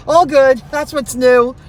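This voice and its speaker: A woman's voice: sits high, low-quality recording. A woman who drives for food delivery, telling a rambling story on a casual livestream, repeating herself and restarting sentences.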